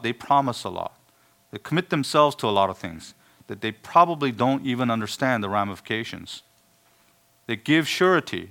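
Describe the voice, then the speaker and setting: A man preaching a sermon, stressing words loudly and then dropping to quiet asides. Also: medium pitch. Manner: emphatic, swings between hushed asides and loud stressed words.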